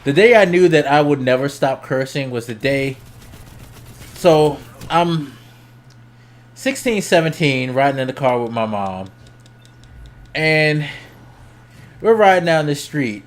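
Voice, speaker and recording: A young adult man streaming, telling a story casually, swearing freely and laughing as he goes, his voice jumping up when he gets excited. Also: medium pitch, slow pace, pauses often. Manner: laughs between lines.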